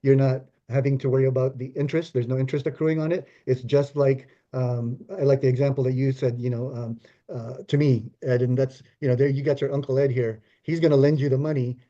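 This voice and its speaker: A man with a very dark, mellow voice speaks steadily and affirmingly, his talk full of fillers. The recording sounds dull and muffled. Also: mid-range voice, flat delivery, a little fast. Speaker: co-host. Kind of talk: casual conversational talk.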